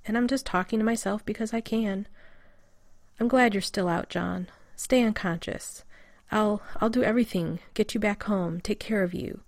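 A woman's voice: medium pitch, normal speed, dry recording, studio quality, lightly acted. A woman reading a frantic, exhausted male scientist who rambles anxiously in a storybook reading. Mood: rambling.

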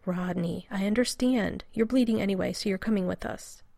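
A woman voicing a calm male doctor. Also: medium pitch, fairly quick, gravelly, dry recording, clean studio sound. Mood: concerned.

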